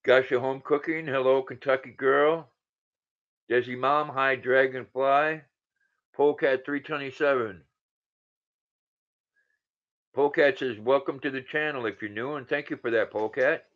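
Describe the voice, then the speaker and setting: A man's voice: mid-range voice, steady tone, normal speed. Older man reading out live chat. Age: 60s. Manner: greets viewers one by one and reads their comments aloud. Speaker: livestream host. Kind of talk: casual livestream chat reading comments. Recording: dull lo-fi sound.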